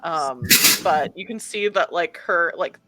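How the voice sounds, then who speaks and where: A woman's voice: on the low side, unhurried, very noisy. A woman who plays in a tabletop game, chatty and full of "like", describing her character. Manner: chatty, lots of "like".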